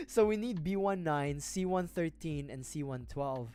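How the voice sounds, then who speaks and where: A man's voice: a little high, animated, takes it slowly, pauses often, darkish tone, clear, resonant tone. A man livestreaming as he builds a model kit. He rambles casually, mutters to himself while he works and swears often. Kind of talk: casual rambling stream chat. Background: faint background music.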